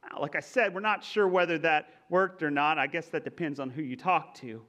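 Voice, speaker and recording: High-voiced man preaching a sermon. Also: brisk, bright, forceful tone. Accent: faint Texan. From Texas. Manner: conversational, self-deprecating, with frequent restarts. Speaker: pastor.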